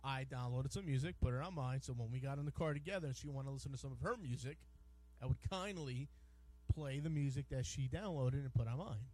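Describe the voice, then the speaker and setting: A man's voice: medium pitch, fast talker, darkish tone. A man hosting a casual internet sports radio show, joking and teasing his co-host and often stumbling over his words. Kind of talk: casual bantering sports talk. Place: radio studio.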